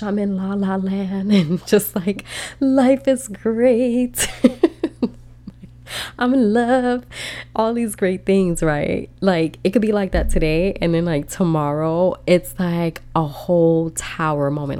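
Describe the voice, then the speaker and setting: Low gravelly woman giving candid faith advice. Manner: candid, slangy, laughing asides, animated when telling stories. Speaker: faith podcast host. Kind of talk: casual faith talk to listeners.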